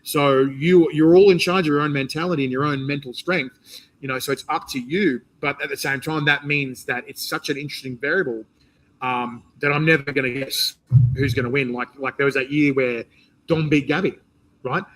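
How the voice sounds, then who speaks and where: Aussie guy hosting a casual interview, rambles and restarts, animated. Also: mid-range voice, brisk, rough recording. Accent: Australian. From Australia. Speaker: interview host and competition organizer. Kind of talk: casual interview chat, live stream.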